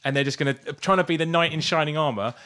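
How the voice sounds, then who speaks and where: A man's voice: on the high side, fast talker, pushed and bright, clean tone. A man co-hosting a podcast in casual chat, laid-back and heavy on swearing and fillers. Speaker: podcast co-host.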